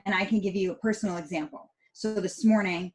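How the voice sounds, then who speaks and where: A middle-aged woman talks as a podcast guest in relaxed conversation. Her voice is mid-pitched and ordinary for a woman. She tells family stories with animation, acting out the dialogue. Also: fast talker, rough recording.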